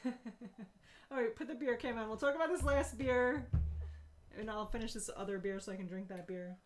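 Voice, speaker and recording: A woman co-hosting a beer and comics stream, casual and giggly, laughing often and breaking into playful shouts. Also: on the high side, normal speed, background noise. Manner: playful, loud bursts of shouting. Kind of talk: casual chat.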